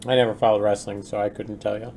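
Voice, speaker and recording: He's a young adult game developer on a casual live stream, reading chat out loud and muttering over faint keyboard clicks. His lowish, darkish voice barely moves in pitch, and he talks fast. Slight background noise is audible.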